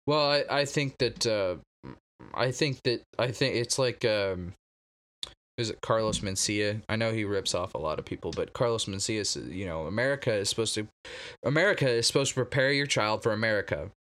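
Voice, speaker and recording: A man in a casual two-person chat, talking haltingly with many restarts. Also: lowish voice, a bit bright.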